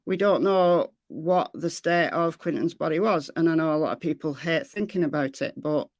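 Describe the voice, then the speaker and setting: A woman from Lancashire, England, with a low voice and a Lancashire accent hosts a casual true crime livestream at a normal speed, answering viewers. She's chatty, repeats phrases, and reads the chat aloud, captured in a dry, close-mic recording.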